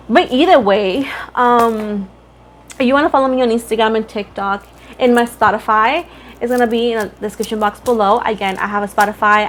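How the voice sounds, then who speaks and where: A woman's voice: mid-range voice, a bit bright, a little hiss or hum. Chatty young woman reading tarot. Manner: chatty, rambling, self-interrupting. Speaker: tarot reader. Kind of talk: casual tarot reading for viewers.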